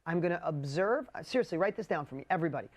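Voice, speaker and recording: A man coaching a live online group in an emphatic, punchy way, swearing casually and swinging between loud urging and quiet intensity. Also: fairly high pitch, expressive, rapid-fire. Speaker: business coach. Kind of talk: motivational coaching livestream.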